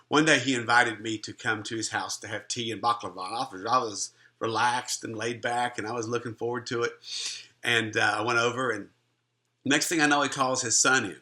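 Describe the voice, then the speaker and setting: Middle-aged male minister, bright forward tone, earnest conversational testimony with restarts. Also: medium pitch, steady tone, brisk. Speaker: Christian minister and life coach. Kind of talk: personal testimony storytelling.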